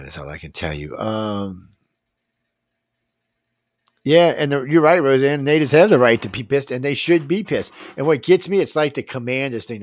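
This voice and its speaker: A man's voice: mid-range voice, no room sound, studio quality. A man in his fifties hosting a talk radio show, blunt, rowdy and profane, speaking casually. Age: 50s.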